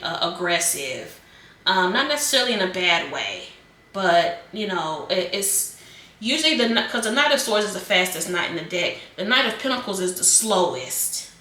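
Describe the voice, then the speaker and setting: Bright chatty woman, echoey room. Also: mid-range voice, recorded from a distance. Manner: chatty, rambling, repeats phrases and fillers. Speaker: tarot reader. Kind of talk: casual tarot reading.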